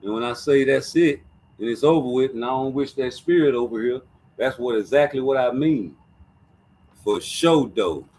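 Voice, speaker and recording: A man's voice: medium pitch, a little fast, darkish tone. A man hosting a casual streamed boxing talk show, talking in a profane, emphatic way and repeating his points.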